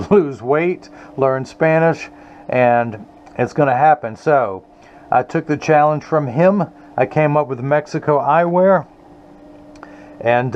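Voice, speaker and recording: In his eyewear workshop, a middle-aged optician and eyewear maker talks to the camera as he makes glasses, earnest and somewhat rambling. His voice is medium-pitched and slightly mellow, and the audio sounds a little dull with faint room noise.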